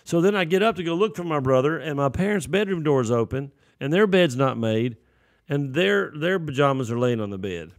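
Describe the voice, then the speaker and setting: A man's voice: fairly high pitch, animated, a little fast. A man preaching a sermon, telling folksy stories and acting out the voices in them. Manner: folksy storytelling with acted-out voices.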